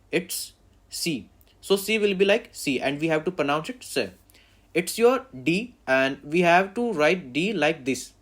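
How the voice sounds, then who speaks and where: A man's voice: a little high, fairly bright tone. A man, a Hindi native speaker, teaching letters in plain step-by-step explanations. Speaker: language teacher. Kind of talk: alphabet lesson.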